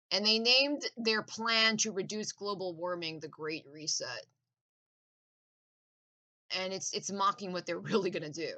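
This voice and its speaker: Bright-voiced woman ranting intensely. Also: lowish voice, low-quality recording. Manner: profane, intense, laughing asides. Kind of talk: casual conspiracy rant.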